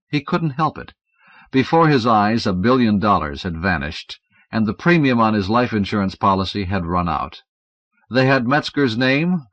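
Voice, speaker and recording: A man reading an audiobook aloud in an expressive narrating style. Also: lowish voice, no echo. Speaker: audiobook reader. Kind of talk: scripted narration. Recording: dull, dry 1970s audiobook recording.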